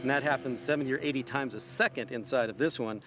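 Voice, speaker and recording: A man's voice: mid-range voice, fast, over music. A man, a pulse jet builder, plainly explaining his design outdoors. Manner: plain, technical. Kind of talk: explaining to hosts. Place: outdoors at a runway.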